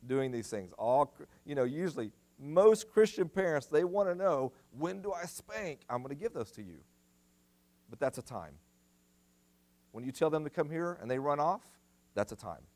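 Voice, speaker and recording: In a church, a male guest speaker at a family seminar delivers a sermon with a lively pitch. He preaches emphatically, repeating his commands for stress.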